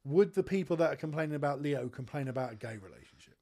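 A man in his thirties hosts a casual studio podcast. He talks in blunt, sweary, animated banter with a slightly high voice. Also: quick pace. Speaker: podcast host. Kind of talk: casual chat.

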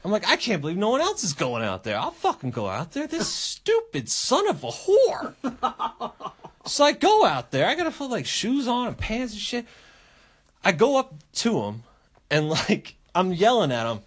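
Podcast host, male, lively profane storyteller with a slightly high voice and big swings in pitch. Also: moderate pace. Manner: animated, profane, acts out voices while telling stories. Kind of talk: casual storytelling chat.

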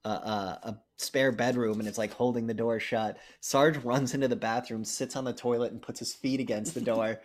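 A young man tells a movie's plot in loose, cursing, excited chat. His voice sits at an ordinary middle pitch, and he acts out bits of dialogue with plenty of energy. He sounds like a podcast co-host mid-rant. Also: normal speed, hardly any pauses. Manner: profane, animated retelling with acted-out lines. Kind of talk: casual chat recapping a movie.

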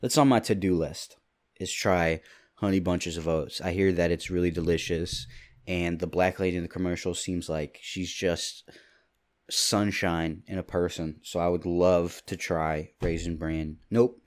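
A man in his twenties from Kentucky, talking alone into a mic in a rambling, jokey way with quick asides. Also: low-pitched, flat delivery. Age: 20s. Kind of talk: casual solo monologue. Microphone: studio mic with pop filter.

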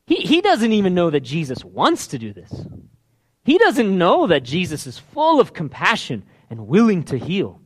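A man preaching a sermon, retelling a Bible story and acting out the characters' pleas, dropping to a hush and then rising loud. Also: high-pitched, normal speed, breathy edge. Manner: animated, acts out quoted pleas in hushed then loud voices.

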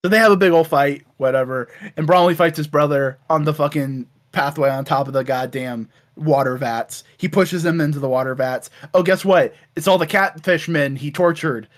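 A man's voice: a little high, moderate pace, hardly any pauses. A man co-hosting a casual chat, animatedly retelling a cartoon with lots of swearing. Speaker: podcast co-host.

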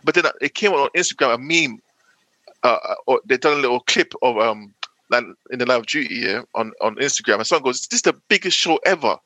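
A man's voice: medium pitch, fairly quick, bright, forceful tone, dry recording. A young man, a podcast co-host, ranting emphatically and repeating himself in heated casual chat.

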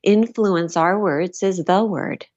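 A woman author guesting on a podcast, telling stories in an animated way and laughing as she talks. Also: on the low side, slow pace, lo-fi sound. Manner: animated storyteller, laughs while talking. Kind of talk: casual chat.

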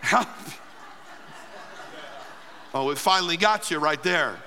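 A pastor preaching a sermon, emphatic, calling out to the congregation for response. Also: male voice, fairly high pitch, slow pace, sharp tone, long reverb tail, a little hiss or hum.

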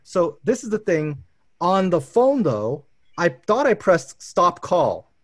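A man in his thirties, a professor hosting a casual chat, telling animated, rambling anecdotes full of restarts. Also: high voice, slow pace, dry recording, clean studio sound. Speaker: professor and host.

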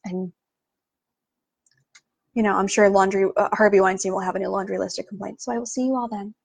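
A woman's voice: mid-range voice, steady tone, a little fast, creaky, breathy edge, dry recording. A woman hosting a casual podcast, ranting in an exasperated, sarcastic way with lots of "like". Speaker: podcast host.

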